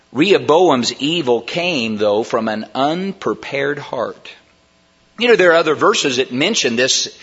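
A man preaching a sermon in a church, emphatic and rising to near shouts on key words. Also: fairly high pitch, slightly rough. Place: church sanctuary. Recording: dull sound with long hall reverb.

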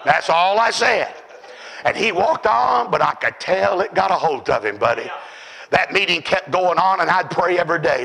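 A man preaching a sermon, telling stories with fervour and often shouting. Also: high-pitched, expressive, normal speed, vocal fry, poor audio. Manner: fervent storytelling, often shouting.

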